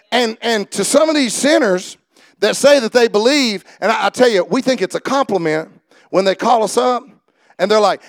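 A male pastor with a notably high voice delivers a sermon, telling folksy stories and building to fervent, shouted passages. The sound is dry and close, with little room around him. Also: big pitch swings, normal speed, dry recording. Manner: folksy storytelling, swells to shouted fervor.

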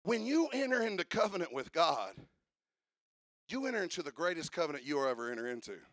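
A man preaching a sermon with fervent, rhythmic delivery, shouting his repeated call-outs. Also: fairly high pitch, very animated, fairly quick, dry recording, clean studio sound.

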